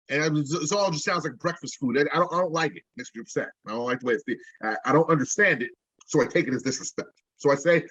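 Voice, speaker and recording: A man's voice: on the high side, lively intonation, fairly quick, a bit bright, husky, no room sound. A rapper being interviewed, telling a long story in a loose, jokey, profane way, stumbling and restarting as he goes. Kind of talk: casual storytelling. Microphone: video call. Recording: dull lo-fi video call audio.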